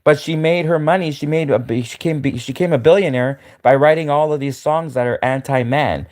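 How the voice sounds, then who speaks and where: A man with a fairly high voice rants at the camera. He stammers, restarts his sentences and repeats himself in a mocking tone. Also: brisk, darkish tone. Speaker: livestreamer. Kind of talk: ranting monologue to camera.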